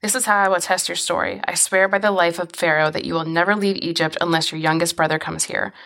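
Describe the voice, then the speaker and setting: A woman's voice: lowish voice, quick pace, gravelly. A woman reading as a stern disguised governor. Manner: plain, even reading of the quoted lines. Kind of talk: scripture reading.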